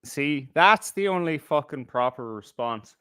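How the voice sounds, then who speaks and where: A man, co-hosting a casual talk show and ranting in a profane, animated way with many fillers. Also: a little high, a little slow, loud music behind the voice. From Ireland. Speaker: podcast co-host. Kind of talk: casual chat.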